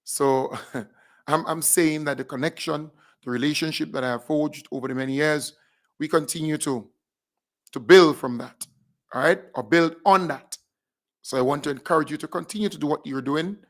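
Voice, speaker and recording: A man with a Grenadian accent hosting a radio show, animated, repeating himself as he calls out names and thanks listeners. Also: fairly high pitch, moderate pace. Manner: animated, repeats phrases, big up shout-outs. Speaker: radio host. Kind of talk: casual radio shout-outs.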